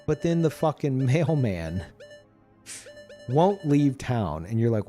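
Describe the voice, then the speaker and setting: A man streamer chatting casually about a video game, animated and profane, laughing often. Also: mid-range voice, slow pace, faint music behind.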